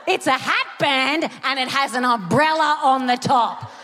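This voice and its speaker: Pitched high and in no hurry, an Australian woman delivers a stand-up set of animated stories capped by sudden shouted punchlines. The live theatre recording carries long hall reverb plus a little hiss or hum.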